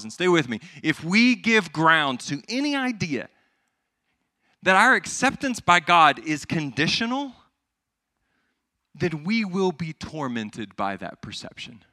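Young male pastor, bright tense voice, dry close sound, emphatic sermon delivery that swings loud to hushed. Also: medium pitch, no echo.

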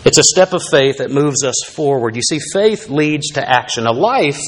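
A man's voice: medium pitch, expressive, normal speed, breathy edge. A male pastor preaching a sermon in a conversational, storytelling way, with asides to the congregation.

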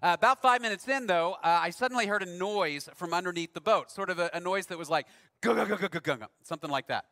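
Male pastor, conversational storyteller; high pitch, sharp timbre, big reverberant room. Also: fast talker, hardly any pauses. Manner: conversational, self-deprecating storyteller. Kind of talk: sermon with a personal story.

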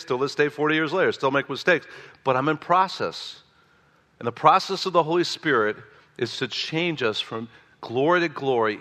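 A man in his sixties preaching a sermon in a church, reading scripture and telling stories with animated emphasis that rises on key phrases. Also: mid-range voice. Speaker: pastor. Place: church sanctuary. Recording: long echoing church hall reverb.

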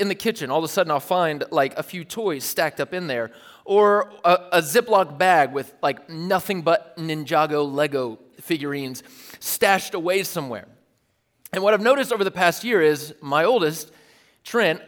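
A pastor in his thirties tells a story from the pulpit in a loose, conversational way, animated and quick to laugh at himself. His voice sits high for a man. A long reverb trails each phrase, as if the sound fills a large church auditorium. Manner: chatty, animated, self-amused, many "like" fillers.

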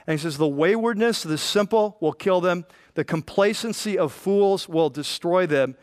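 High-voiced man preaching a sermon. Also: moderate pace, dry recording, studio quality. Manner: animated preaching, quotes scripture in lively voices. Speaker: pastor.

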